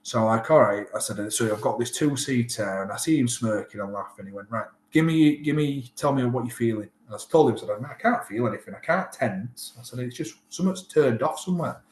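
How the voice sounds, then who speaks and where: His mid-range voice runs fairly quickly with hardly any pauses as this English rugby player, a Yorkshireman in his thirties, tells his story in an informal interview. He acts out other people's words with real animation, and the space sounds echoey.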